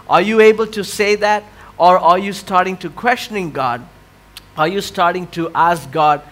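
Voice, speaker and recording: A male pastor delivers a sermon at a measured pace, taking his time as he pulls the congregation in through questions and call-and-response. His high, bright voice carries a ringing edge, rising into loud, impassioned cries before sinking back to low and quiet.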